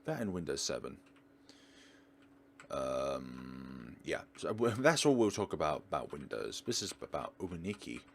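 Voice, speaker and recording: A man's voice: rumbling low, sing-song, a little slow, creaky, a little hiss or hum. A man hosting a let's play, giving chatty, rambling gameplay commentary with jokes.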